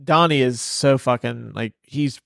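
A man's voice: medium pitch, unhurried, gravelly, a bit bright, no echo, studio quality. A man hosting a podcast, chatting loosely about a film with many fillers and casual swearing. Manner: loose, filler-heavy, profane. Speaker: podcast host. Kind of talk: casual movie review chat.

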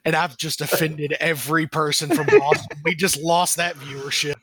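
A man's voice: on the high side, normal speed, pushed and bright, slight background noise. A man chatting casually on a podcast, laid-back and swearing freely. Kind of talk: casual group chat.

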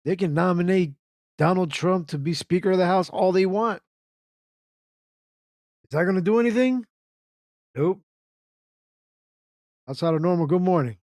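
High-pitched yet darkish in tone, this man talks at normal speed with frequent pauses, recorded in clean studio sound with no echo. As host of an internet radio show, he reacts to chat in a casual, ranting commentary full of repetition and rhetorical questions.

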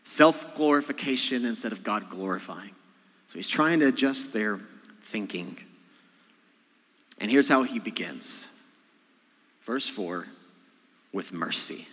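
A man preaching a sermon, talking to his congregation in a conversational way, rising to loud emphasis and dropping to quiet asides. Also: mid-range voice. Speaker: pastor. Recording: long hall reverb.

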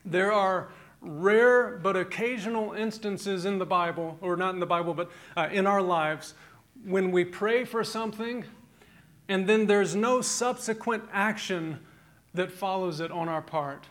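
A man in his thirties delivers a sermon in a notably high voice. He talks with animation, swinging from quiet, low asides to loud, emphatic peaks. He also weaves in humorous stories from family life. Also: a little slow. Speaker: pastor.

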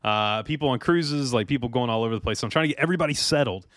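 A man's voice: medium pitch, very fast, fairly bright tone, no room sound, studio quality. A man hosting a podcast, talking in a friendly, rambling way and often quoting himself. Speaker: podcast host. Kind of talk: casual podcast chat.

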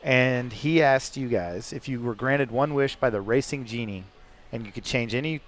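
A man's voice: medium pitch, moderate pace. A man hosting a podcast, asking questions in an easygoing, joking way. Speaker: podcast host. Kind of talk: casual podcast interview.

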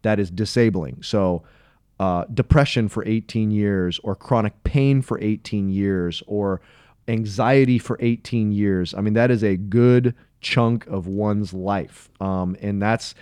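A man's voice: lowish voice, measured pace, darkish tone, clean tone, no room sound, studio quality. A man co-hosting a casual Bible discussion, retelling a passage in an earnest, rambling way with many self-corrections. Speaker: podcast co-host.

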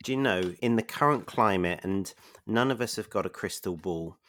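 A man's voice: sits low, normal speed, a bit bright, no echo, clean studio sound. A man hosting a casual interview, enthusiastic and effusive, repeating his praise. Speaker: podcast host.

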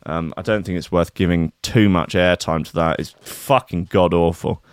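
A man's voice: sits low, fairly even intonation, normal speed, smooth, dry recording, studio quality. A young British man hosting a casual livestream as a DJ, rambling, sweary and self-mocking as he chats. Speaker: DJ and stream host.

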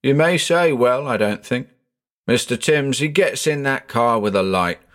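A man's voice: mid-range voice, lively intonation, measured pace, a bit bright. A man voicing a chatty working-class male tram conductor who rambles in thick dialect, in a storybook reading. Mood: aggrieved.

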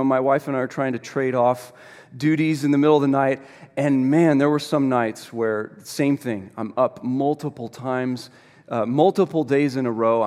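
A middle-aged man preaches to his congregation. He tells a personal story in an animated way, with dry, self-deprecating humor. His voice rings out with a long reverb, as in a large church hall. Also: on the high side. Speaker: pastor. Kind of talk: sermon.

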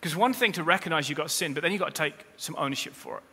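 A man preaching a sermon as pastor, speaking straight to the congregation with humorous asides, and rising to loud, emphatic peaks. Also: a little high, very fast, breathy edge. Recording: long reverb of a large hall.

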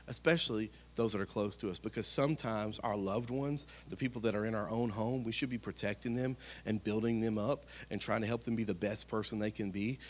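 A man, preaching a sermon in a conversational storytelling way that swings from loud to hushed. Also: mid-range voice. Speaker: pastor.

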